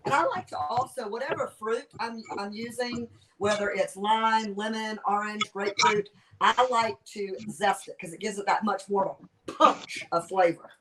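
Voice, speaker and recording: A woman's voice: mid-range voice, moderate pace, noisy background. A woman with a Southern US accent, a guest chef chatting her way through a cooking demonstration on a video call and narrating each step with enthusiasm. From Southern United States. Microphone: video call microphone.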